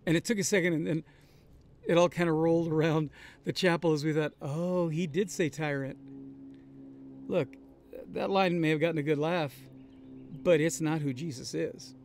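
A pastor leading a Bible study, preaching in an earnest, conversational way and repeating key words for emphasis. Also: male voice, on the high side, steady tone, normal speed, darkish tone, slight background noise. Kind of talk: sermon-style Bible study. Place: traveling, on the road.

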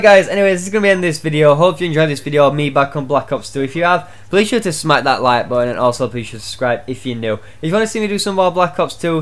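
Exasperated man commentating his gameplay. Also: a little high. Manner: swears a lot, exasperated outbursts. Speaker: gaming channel host.

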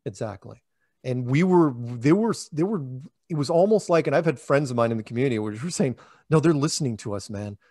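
A man telling stories in an interview, rambling and animated, often acting out conversations and losing his thread. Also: mid-range voice, fairly quick, dry recording, clean studio sound. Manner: animated, rambling, acts out quoted dialogue. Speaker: interviewee, flat earth public speaker. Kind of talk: casual storytelling interview.

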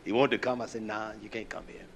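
A middle-aged male preacher giving a sermon, swinging from shouted preaching to low, muttered storytelling. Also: little pitch movement, fast, slight background noise.

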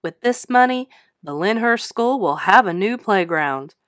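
A woman voicing a kindly male school principal in a children's storybook, in a lively, expressive voice. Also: mid-range voice, a little slow, no room sound, studio quality. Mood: heartfelt.

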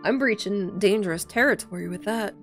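A woman streams a video game, offering playful, sarcastic commentary and swearing freely in this casual gameplay chat. Her voice sits at medium pitch and runs a little fast, with faint game music in the background.

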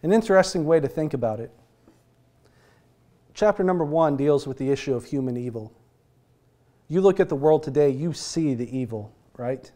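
A man's voice: a little high, expressive, moderate pace, pauses often, warm tone. A man with an American accent preaching a conversational sermon as pastor, asking rhetorical questions and chuckling now and then.

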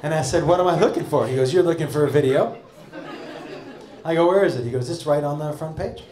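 Animated American comedian on a roomy stage. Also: male voice, on the high side, fast talker, noisy background. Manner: animated storyteller, acting out quotes with shouts and shrieks. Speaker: stand-up comedian. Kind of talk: stand-up storytelling. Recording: roomy club sound with audience.

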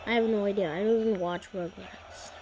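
A woman giving casual, excitable commentary while playing a racing game, reacting loudly to setbacks. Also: medium pitch, fairly quick, slight background noise. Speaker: gaming video creator.

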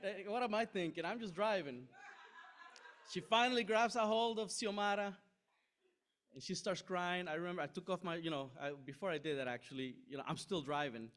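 A middle-aged man preaching a sermon, telling a story with lively asides and frequent "right?" checks to the room. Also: sits high. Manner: animated, self-deprecating anecdote with frequent "right?" asides. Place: church sanctuary.

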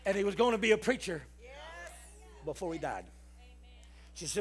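A man preaching a sermon, telling stories and rising to shouts as he calls the congregation to respond. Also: high voice, lively intonation, moderate pace, husky. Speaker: pastor. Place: church.

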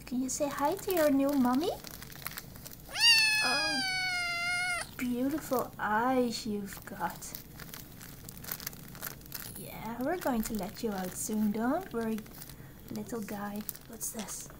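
A woman's voice: fairly high pitch, takes it slowly, long pauses, noisy background. A woman filming at home with a handheld camera, cooing baby talk to her cats. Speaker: cat owner filming at home. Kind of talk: casual home video, talking to pets. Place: home indoors.

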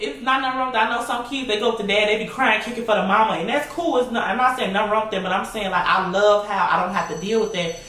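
In a laid-back Q&A vlog, a young woman answers viewer questions, laughing often and addressing everyone as y'all. She speaks quickly at a medium pitch with few pauses and a slightly bright sound. It's recorded in an echoey room with a somewhat distant mic and faint noise.

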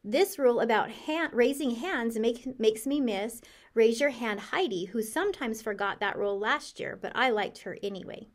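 A woman reading a children's chapter book aloud in the voice of a cheerful, curious hamster narrator, with a lively, expressive delivery. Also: a little high, normal speed. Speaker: audiobook reader. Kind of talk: storybook narration.

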